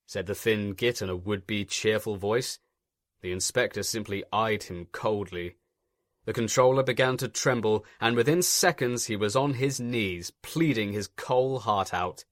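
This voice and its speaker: Lively, wry male storyteller. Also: on the low side, normal speed, no echo, clean studio sound. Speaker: narrator. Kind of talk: scripted narration.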